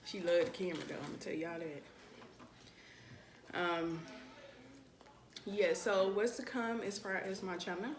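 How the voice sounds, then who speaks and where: A woman hosting her own casual mukbang vlog, chatting to viewers in a relaxed way with plenty of ums. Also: mid-range voice, normal speed, long pauses. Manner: relaxed, chatty, many ums, talks straight to viewers as y'all. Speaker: channel host. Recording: echoey room with faint background noise.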